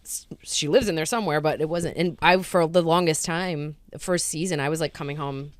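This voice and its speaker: A woman in her thirties from Rhode Island, chatting casually as a guest. She tells stories in a fairly low voice and acts out the quotes with lively energy. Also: brisk, dry recording. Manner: animated storyteller acting out quotes. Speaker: guest actress. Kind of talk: casual chat.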